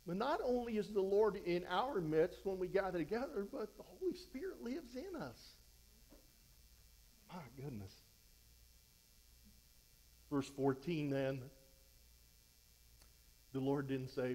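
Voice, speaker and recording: High-voiced fervent male pastor preaching. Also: big pitch swings, unhurried, long pauses, darkish tone, poor audio. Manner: fervent, exhorting, voice rises when fired up; conversational, frequent restarts. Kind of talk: verse-by-verse sermon.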